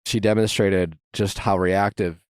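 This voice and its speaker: A man's voice: low-pitched, steady tone, unhurried, dry recording. Chatty man with a dry close sound. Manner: rambling, frequent fillers and restarts. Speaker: podcast host. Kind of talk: casual chat.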